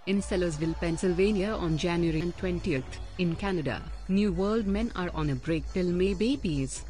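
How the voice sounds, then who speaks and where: A man reading out show listings for a podcast in a brash, swearing promo style. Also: a little high. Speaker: podcast host reading announcements. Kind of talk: profane promo read.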